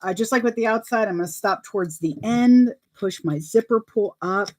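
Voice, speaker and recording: A woman's voice: medium pitch, normal speed, darkish tone. A woman vlogger chatting casually and telling anecdotes while talking through her sewing steps.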